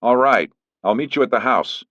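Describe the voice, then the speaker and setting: Man voicing a firm man, measured, defensive, dry lo-fi sound. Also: medium pitch, lively intonation, no room sound, pitched above the performer's own voice, lightly acted. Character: firm middle-aged man, a lawyer. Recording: dull lo-fi recording.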